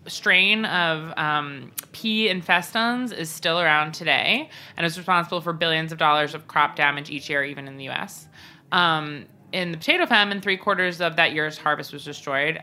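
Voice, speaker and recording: A woman co-hosting a podcast, chatting casually and telling stories with jokes. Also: low-pitched. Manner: animated, jokey, chatty storytelling. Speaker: podcast co-host. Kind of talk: casual chat.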